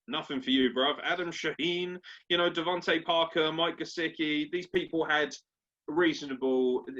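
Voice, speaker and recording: A man's voice: medium pitch, bright, forceful tone, muffled recording. A man hosting a sports podcast in casual, crude, jokey chat, swearing freely. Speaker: podcast host.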